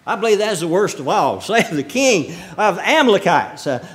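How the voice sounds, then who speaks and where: Role: preacher. Sex: man. Style: sermon. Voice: high-pitched, reading scripture slowly, folksy asides, clears throat, chuckles. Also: big pitch swings, a bit bright. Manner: reads scripture aloud slowly, then explains it in plain folksy talk.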